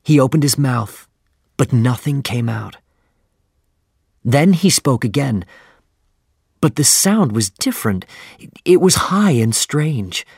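A male narrator reads a story at an unhurried, measured pace. His voice carries a gravelly edge and sounds dry and close to the mic. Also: medium pitch, expressive, a little mellow, no room sound. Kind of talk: scripted audiobook narration.

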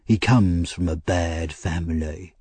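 A pompous middle-aged workhouse official, played by a man, who weighs out each word slowly. The voice is slightly husky and recorded dry and close. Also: low voice, fairly even intonation, a little mellow, no room sound, pitched below the performer's own voice, exaggerated voice. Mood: lecturing. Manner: pompous, slow, self-important.

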